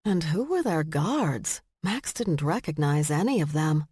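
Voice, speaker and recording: A woman narrating a romance audiobook in slow, measured storytelling, recorded close on a studio mic. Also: low voice, animated, warm tone, husky, no room sound. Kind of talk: scripted narration.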